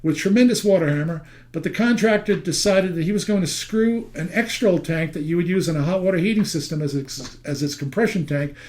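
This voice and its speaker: A man's voice: a little high, fairly quick, a little mellow. An older man teaching a seminar, telling stories and cracking wry jokes. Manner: folksy storytelling, wry jokes to the audience. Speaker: seminar instructor on steam heating. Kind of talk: recorded seminar lecture.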